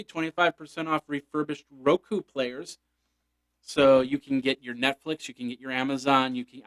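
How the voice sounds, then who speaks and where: Guy doing a solo tech podcast, rambly and playful, middle-pitched, reads an ad then chats news. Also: a bit bright. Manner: chatty and rambling, with playful asides. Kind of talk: casual solo news chat with ad read.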